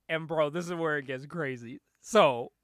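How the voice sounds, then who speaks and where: A young man co-hosting a casual show, excitedly retelling a movie plot, laughing often, swearing and acting out the lines. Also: on the high side, unhurried, no room sound, studio quality. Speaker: podcast co-host.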